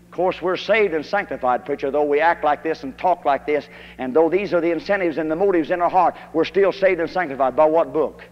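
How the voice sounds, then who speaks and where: A preacher from Kentucky, delivering a fiery old-time holiness sermon that rises to shouted emphasis. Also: male voice, on the high side, fast talker, hardly any pauses. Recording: dull archival tape in a hall.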